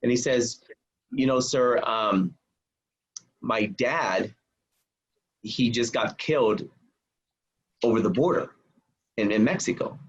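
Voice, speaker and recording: A man telling personal stories as a guest on a podcast, animated, acting out what people said and laughing often. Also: mid-range voice, slow pace, long pauses, breathy edge. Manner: animated storyteller, acts out quotes, laughs often. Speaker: guest speaker and author. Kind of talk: storytelling in a podcast interview. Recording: dull lo-fi podcast audio.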